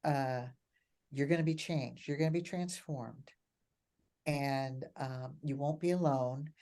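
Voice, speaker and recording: Low-voiced older woman coach, emphatic. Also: slow pace. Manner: animated, laughing, repeats phrases for emphasis. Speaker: coach and mentor. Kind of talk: reflective conversational talk.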